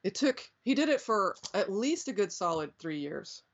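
Here a middle-aged interview guest reminisces about her past, her mid-range voice very animated at a normal speed. The storytelling meanders with many fillers and restarts, heard through a dull, lo-fi recording.

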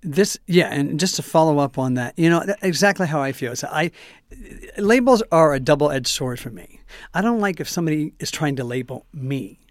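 A man's voice: on the high side, animated, moderate pace, no room sound, studio quality. A man co-hosting a talk show, chatting casually and often restarting his phrases. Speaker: co-host.

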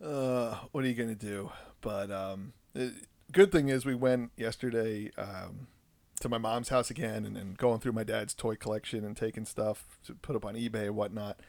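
A man in his thirties delivers a casual, rambling monologue about being a parent, joking at his own expense, restarting often and getting animated when acting out quotes. His fairly low, creaky voice moves at a moderate pace, with no echo.

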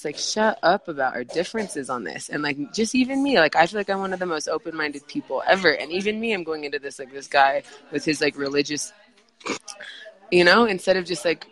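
Podcast guest, woman, bright forward tone, rambling casual storytelling full of "like" and restarts. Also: fairly low pitch, rough recording. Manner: rambling, many fillers and restarts.

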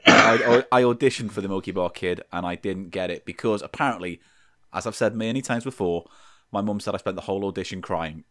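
A man's voice: deep voice, a bit bright, no echo, studio quality. Sardonic man bantering. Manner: sardonic, quick banter, reads listener questions. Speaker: podcast co-host. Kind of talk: casual comedy chat.

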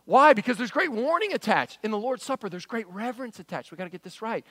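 High-voiced preacher with a twang. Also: male voice, quick pace, hardly any pauses, no echo. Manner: animated preaching, acts out quotes, swings loud to hushed. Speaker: pastor. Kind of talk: sermon.

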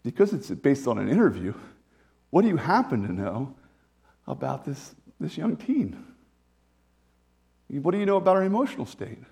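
A man preaching a sermon in an animated, emphatic way, full of restarts, repetition and joking asides. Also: medium pitch, normal speed, vocal fry, long pauses, husky. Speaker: pastor.

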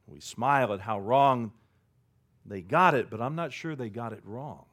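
Animated preaching man, wide pitch swings. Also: unhurried. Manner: dramatic preaching with sudden swings from loud to hushed. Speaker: pastor. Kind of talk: sermon.

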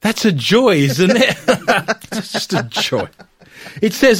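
A man's voice: high voice, wildly swooping pitch, slow, fairly bright tone, slightly rough, no room sound, studio quality. A man from Britain co-hosting a casual chat, reading news aloud and cutting in with sarcastic, mocking asides. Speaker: podcast co-host.

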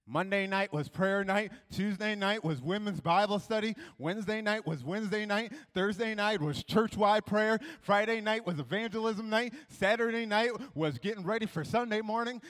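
A man's voice: high voice, normal speed, hardly any pauses, fairly bright tone. A man from Minnesota telling a comic story on stage, acting out the people in it with big swings of voice. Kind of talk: stand-up storytelling.

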